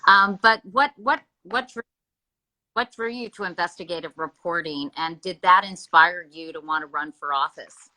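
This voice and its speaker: A woman hosting a casual live-streamed interview, chatty and quick to apologize for interrupting. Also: fairly low pitch, bright, forceful tone, poor audio. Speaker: host. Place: home room with Christmas tree.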